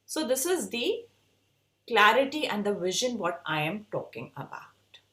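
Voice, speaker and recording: A woman's voice: mid-range voice, sing-song, a little slow, a bit bright, roomy sound. A woman with an Indian English accent giving an earnest, emphatic motivational talk to design students as an educator.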